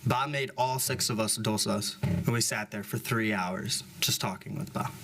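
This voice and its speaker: A man's voice: lowish voice, normal speed, music in the background. A young man, a grandson, delivering a candid eulogy at a funeral service, in plain speech with fillers. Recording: live event recording with background noise.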